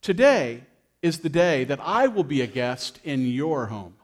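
Calm male teacher figure read by a pastor, gentle and announcing, lively pitch. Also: measured pace.

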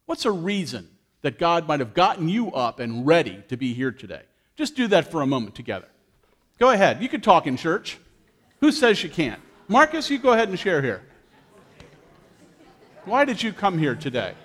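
Male pastor preaching in church, engaging and playful, with a lively, slightly high voice. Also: normal speed. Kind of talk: sermon.

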